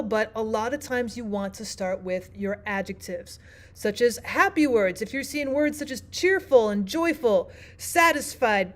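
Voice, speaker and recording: A woman teacher narrating a lesson, explaining clearly and asking the listener questions. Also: fairly high pitch. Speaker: language arts teacher.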